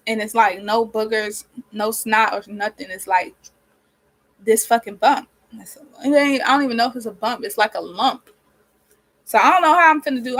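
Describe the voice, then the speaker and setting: A woman's voice: on the high side, fairly bright tone, low-quality recording. A nineteen-year-old woman vlogging casually while she does her hair, venting and rambling with a lot of swearing, her nose irritated and sniffly. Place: small cold bedroom with a space heater running.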